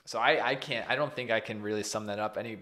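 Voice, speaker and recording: A male fitness coach on a casual podcast, talking in a lowish voice. He is animated and jokes at his own expense. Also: fast talker. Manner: animated, self-deprecating.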